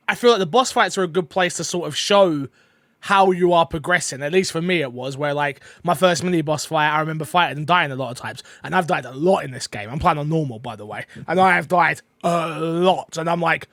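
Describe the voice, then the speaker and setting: A man co-hosting a casual podcast chat, rambling and excitable with lots of fillers, eating while he talks. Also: on the high side, fairly quick, no room sound. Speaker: podcast co-host.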